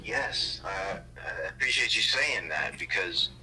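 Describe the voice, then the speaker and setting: A man's voice: sits low, lively intonation, measured pace, a crowd in the background, low-quality recording. A man hosting a podcast, speaking earnestly and reflectively in casual conversation.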